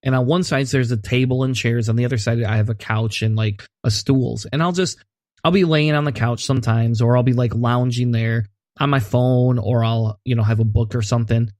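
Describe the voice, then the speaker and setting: A man's voice: mid-range voice, steady tone, fairly quick, darkish tone, no room sound, clean studio sound. A man co-hosting a podcast, chatting in an easygoing way with lots of asides. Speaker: podcast co-host. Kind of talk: casual chat.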